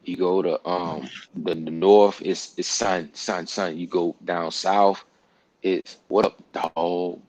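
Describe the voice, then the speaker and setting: A man's voice: low voice, fairly even intonation, slow, darkish tone, no echo, low-quality recording. A man hosting a casual group talk, speaking emphatically and repeating words for stress, with casual slang and profanity. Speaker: podcast host.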